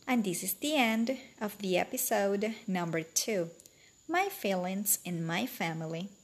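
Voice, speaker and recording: A woman teaching a bilingual vocabulary lesson for children, speaking slowly, clearly and repetitively. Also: mid-range voice, animated.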